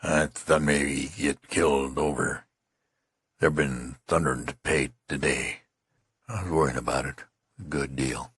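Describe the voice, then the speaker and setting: A man's voice: sits low, no room sound, clean studio sound. A man doing a dazed wounded soldier. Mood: monotonous. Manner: monotonous, bewildered, halting. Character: tall wounded male soldier, dazed and fearful.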